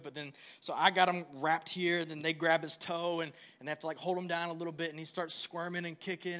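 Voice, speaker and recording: A young male pastor with a fairly high, sharp-toned voice delivers a conversational sermon. He tells a story with self-deprecating humor, then turns earnest and reassuring.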